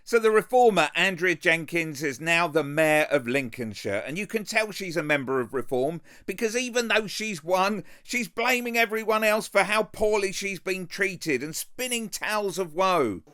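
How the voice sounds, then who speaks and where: A man's voice: high voice, lively intonation, normal speed, hardly any pauses, a bit bright. A man hosting a political video channel, commenting on a clip in a sarcastic, mocking way.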